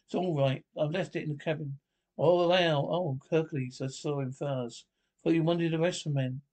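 Guy reading a whole comedy film script solo, calling out the stage directions, slightly high voice. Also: fairly even intonation, moderate pace, darkish tone. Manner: reads stage directions aloud.

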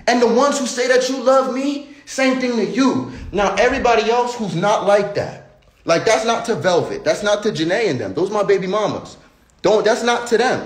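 A man's voice: high voice, roomy sound. A young man in a passionate, swearing monologue, preaching at his viewers and calling them bro. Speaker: online personality.

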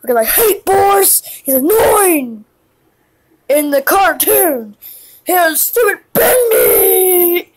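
A woman voicing a hyper, excitable young cartoon girl who squeals and gushes like an overjoyed fan. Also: extremely high pitch, takes it slowly, shouting, slight background noise, exaggerated voice, poor audio. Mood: gushing. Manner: squealing, shrieking, gushing fan.

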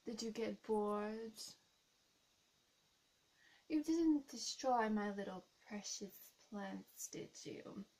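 A woman's voice: medium pitch, animated, darkish tone, full character voice, poor audio. A woman voicing a seductive, scheming female plant villain in a whispered role-play, teasing and blowing kisses. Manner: teasing, flirty, blowing kisses, slow hypnotic coaxing. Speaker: YouTube role-play creator.

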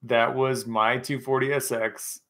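At a measured pace, a young streamer speaks in a slightly bright medium-pitched voice with little pitch movement. He's had a bit of scotch and rambles through chat messages and stories, swearing and laughing as he goes.

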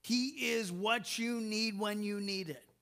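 A man preaching a sermon as pastor, slow and emphatic, with soft laughs and repeated words. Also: sits high, vocal fry.

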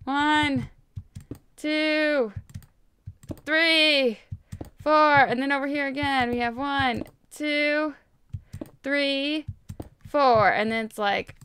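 High-voiced young woman, loud and excitable gamer host, faint keyboard clicks behind. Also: vocal fry, slight background noise. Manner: excitable, loud, talks to herself while building. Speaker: gaming video host. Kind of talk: casual game commentary.

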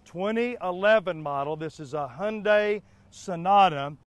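A man hosts a live car sales pitch for a dealership TV spot on an outdoor lot, hammering the same deals and checking in with "all right?" and "okay?" His voice sits high and runs a little slow, and there's no room sound.

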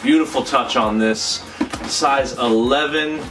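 A man's voice: mid-range voice, slow, far from the mic. A young man vlogging a sneaker unboxing, chatty and rambling, with emphatic repeats. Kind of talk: casual vlog unboxing. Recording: off-mic with faint music underneath.

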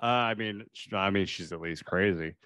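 A man's voice: low-pitched, moderate pace, fairly bright tone, clean tone, no echo, studio quality. A young man co-hosting a casual movie-chat podcast, laughing often and recapping scenes in a wry, offhand way. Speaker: podcast co-host.

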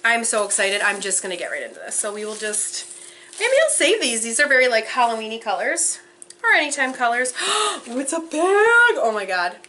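A young woman vlogging an unboxing, gushing with breathless excitement and frequent gasps. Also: a little high, a little fast, slight background noise.

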